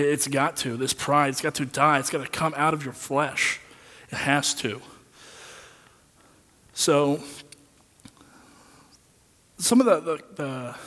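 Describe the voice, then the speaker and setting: A man with a slightly high voice preaches in an earnest, personal way, repeating key phrases as he drives his point home. He surges loud on some lines and drops low on others. His voice rings out with a long reverb, as in a large sanctuary. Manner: earnest, repeats phrases for emphasis, swings between loud and quiet. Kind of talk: sermon.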